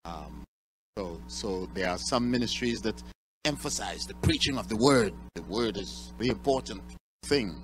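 A man presenting at an awards ceremony, speaking in a measured way, spelling out terms, with many pauses and fillers. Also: mid-range voice, fairly bright tone, poor audio. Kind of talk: ceremonial speech.

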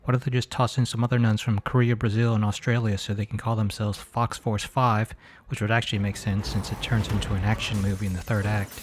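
A man's voice: fairly low pitch, little pitch movement, brisk, background noise. A man hosting a comedic movie commentary, mocking the film in a sarcastic tone. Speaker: host.

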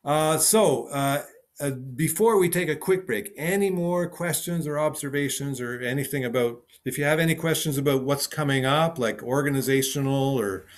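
A man with a high-leaning voice, speaking at a moderate pace, teaches a piano lesson over a video call. He thinks aloud and repeats short phrases as he demonstrates during the online session.

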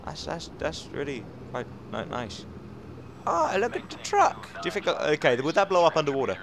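A man giving casual, chatty gameplay commentary with excitable outbursts and self-mocking asides. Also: fairly high pitch, moderate pace, vocal fry. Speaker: let's play commentator. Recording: game audio noise under the voice.

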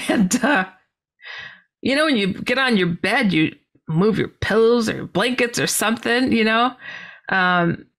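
On a podcast, a middle-aged woman shares a personal story in a lively way, performing her own earlier words with large jumps in pitch and laughing along. She talks a little slowly.

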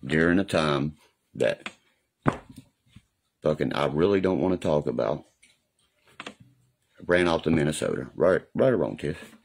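A man's voice: rumbling low, animated, a little slow, creaky, pauses often, slight background noise. A man talking casually on a live stream in a rambling, profane way, often asking if you know what he means. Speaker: livestreamer. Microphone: phone or webcam on a live stream.

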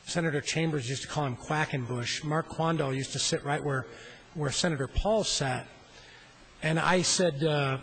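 A man's voice: medium pitch, fairly bright tone, slight background noise, low-quality recording. A middle-aged man, a state senator, giving a floor speech in a legislative chamber at a floor microphone, telling a rambling, self-deprecating story.

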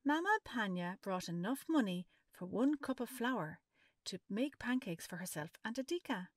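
A woman reading a children's picture book aloud as a storyteller, expressive and stopping to ask the listener maths questions. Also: medium pitch, normal speed, no room sound, clean studio sound.

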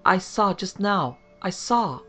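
A man's voice: high voice, expressive, slow, bright, forceful tone, faint music behind, voice pushed up, full character voice. A man doing a trembling, pleading hunting guide. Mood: grave. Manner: pleading, urgent warnings. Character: frightened Indian hunting guide, man, superstitious.

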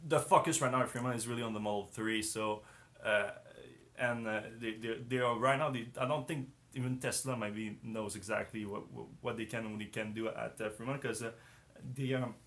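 A man's voice: mid-range voice, steady tone, fairly quick, fairly bright tone. A man hosting a casual live-stream discussion, talking hesitantly with many fillers and restarts, his voice strained as he loses it. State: losing his voice, clearing his throat. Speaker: host.

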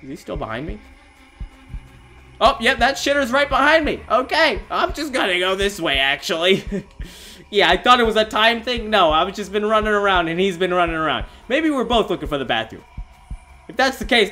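Lively, bright-voiced teenage boy gamer. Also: sits high, moderate pace, soft background music. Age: late teens. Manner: excitable, giggly, yelps and shouts when startled. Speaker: gaming video host. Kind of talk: comedic horror game commentary.

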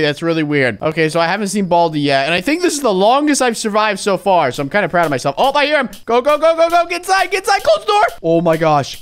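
Young male gamer, excitable commentary, bouncy high-ish voice, smooth tone. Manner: excitable, swings from hushed muttering to frantic yelling. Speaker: gaming YouTuber. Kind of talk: game commentary.

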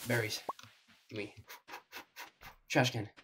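A man's voice: lowish voice, flat delivery, drawn-out words, sharp tone, slight background noise. A young man giving casual gameplay commentary, sarcastic and profane, talking to himself with a strained voice. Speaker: gaming video creator.

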